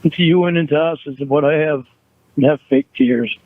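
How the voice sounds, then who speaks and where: A man's voice: on the high side, fairly quick, no room sound. A man on a recorded phone call, talking in a pleading, defensive way.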